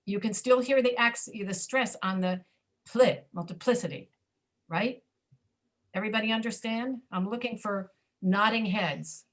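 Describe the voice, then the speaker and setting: A woman's voice: medium pitch, a bit bright. American woman teaching pronunciation patiently. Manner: patient, repeats words slowly to model stress. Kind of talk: online English class teaching.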